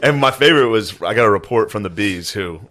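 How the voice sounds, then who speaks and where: A man's voice: lowish voice, lively intonation, fast talker, fairly bright tone, a little hiss or hum. A man in his thirties co-hosting a comedy podcast, telling stories in a joking, swearing, laugh-filled way. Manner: joking storyteller, swears freely, laughs often. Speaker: podcast co-host. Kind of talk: casual comedic podcast banter.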